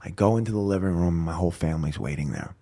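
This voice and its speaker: A man guest on a podcast, telling his recovery story with animated storytelling, acting out voices and dropping to a whisper at grim moments. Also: deep voice, very fast. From New York. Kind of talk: emotional storytelling.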